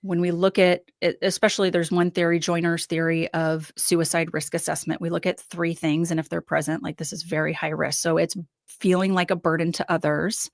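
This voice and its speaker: Low-voiced woman, thoughtful guest. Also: little pitch movement, a little fast, dry recording, clean studio sound. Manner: thoughtful, analytical, many fillers. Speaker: podcast guest. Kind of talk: casual conversation.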